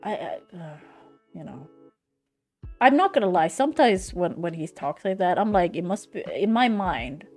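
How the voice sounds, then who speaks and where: Streaming from her home setup, a young woman from Sweden talks in a lowish, very animated voice at normal speed with a darkish tone. Soft music plays in the background as she chats casually, swearing and venting frankly in loose run-on sentences.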